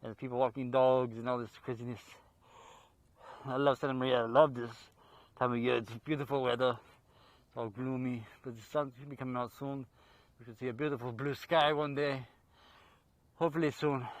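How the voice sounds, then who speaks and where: A man hosting a horror movie show outdoors in a park, talking casually and off the cuff, excitable and quick to laugh. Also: mid-range voice, no room sound. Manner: excitable, laughs a lot, jokey asides.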